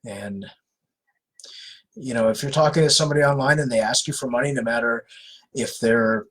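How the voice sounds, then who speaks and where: A man's voice: mid-range voice, normal speed, fairly bright tone, slightly rough, rough recording. A man from California hosting a live question-and-answer stream, giving earnest, conversational advice with frequent fillers and restarts. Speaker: host of anti-scam live Q&A.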